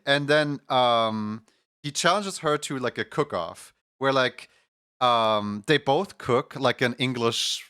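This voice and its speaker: Casting: male streamer, bright forceful tone, dry close sound, rambling storyteller with lots of "like" and "um". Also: mid-range voice, takes it slowly, clear, resonant tone, no echo. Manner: rambling, many fillers and restarts. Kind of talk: casual chat, retelling a show's plot.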